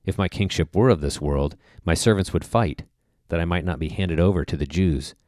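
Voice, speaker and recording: A calm, solemn prisoner , read by a man, in a deep voice. The answers come slowly and gravely. The recording is close and dry. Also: no room sound, close to an everyday voice.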